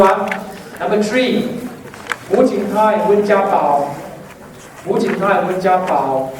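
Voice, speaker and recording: A male teacher lecturing a class, drilling points by repetition and tagging lines with "ah". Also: fairly high pitch. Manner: drilling repetition with frequent "ah" tags. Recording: very echoey classroom, mic far off, faint noise.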